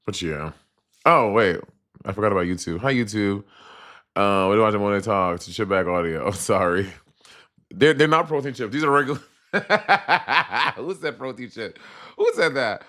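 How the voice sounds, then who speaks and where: Sassy animated man with a Caribbean accent. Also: fairly low pitch, normal speed. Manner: sassy, animated, chatty with viewers. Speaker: live stream host. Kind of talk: casual live stream chat.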